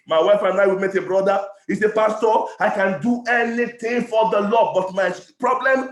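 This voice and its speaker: High-pitched Nigerian preacher shouting in an echoey hall. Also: male voice, a little fast, hardly any pauses. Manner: impassioned preaching, often shouting, with stammered repetitions. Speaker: pastor. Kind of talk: sermon. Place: church hall.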